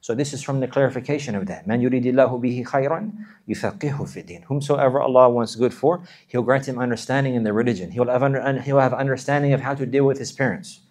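A man giving an earnest sermon, often repeating and restarting phrases and chanting short verses quickly. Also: medium pitch, steady tone, a little mellow. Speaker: Islamic preacher.

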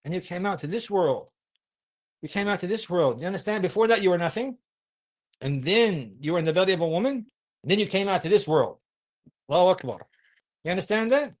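A man with a high voice preaches to young listeners. He keeps asking them questions. He recites Arabic verses and explains each one in plain words. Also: expressive, brisk, long pauses. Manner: asks the audience many questions. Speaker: Islamic preacher.

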